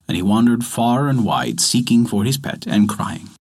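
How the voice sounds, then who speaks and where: A man narrating a folk tale and hosting a story podcast, in an expressive, scripted storytelling manner. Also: mid-range voice, moderate pace.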